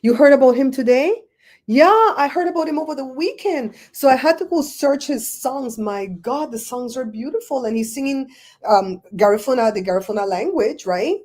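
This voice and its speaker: A Belizean woman hosting a livestream, chatting in a rambling, animated way and answering viewers' comments. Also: sits high, normal speed. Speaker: show host. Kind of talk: casual livestream chat, reading comments.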